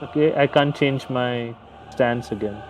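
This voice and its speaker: A man's voice: mid-range voice, measured pace, faint music behind. A man playing a tabletop fantasy game, narrating his character's actions in a casual way. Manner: casual, filler-laden narration. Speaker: player. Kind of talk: tabletop role-play narration.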